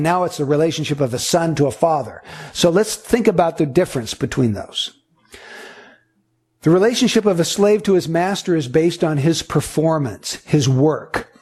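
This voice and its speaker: Pastor, male, husky and high-pitched, earnest sermon delivery with repetitive emphasis. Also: a little mellow.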